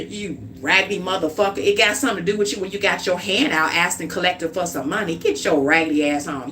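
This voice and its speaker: Woman tarot reader, livestream; animated, profane, blunt. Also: on the low side, fast talker, few pauses.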